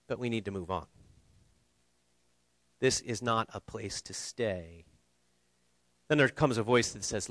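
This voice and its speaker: A man's voice: fairly low pitch, unhurried, pauses often, a bit bright, no echo. A man preaching a sermon in a church, earnest and conversational, with small restarts and light humor. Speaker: pastor. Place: church sanctuary.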